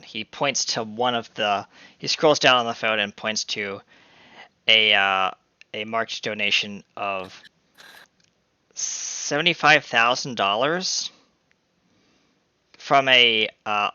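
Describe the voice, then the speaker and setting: A man's voice: fairly low pitch, slow, long pauses, bright, forceful tone, smooth, no echo, muffled recording. A man playing a tabletop game on a headset from his bedroom, rambling and self-deprecating with hesitant fillers. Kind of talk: casual chat with in-character narration. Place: home bedroom.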